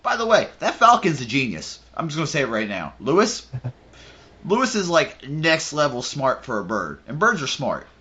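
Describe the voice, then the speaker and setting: A man co-hosting a podcast, chatting casually and excitedly about a video game, with animated retellings. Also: a little high, normal speed. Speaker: podcast co-host.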